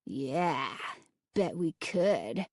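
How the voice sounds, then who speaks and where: A woman's voice: low-pitched, expressive, drawn-out words, darkish tone, no echo, clean studio sound, voice pushed down, full character voice. A woman voicing a mocking, snickering boy prankster in a storybook audiobook.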